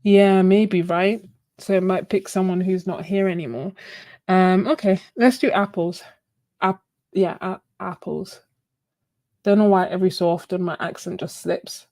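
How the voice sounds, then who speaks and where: A woman's voice: fairly low pitch, fairly even intonation, normal speed, dark tone, dry recording, studio quality. A woman hosting a casual art livestream, chatting, laughing often and thinking aloud. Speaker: art channel host.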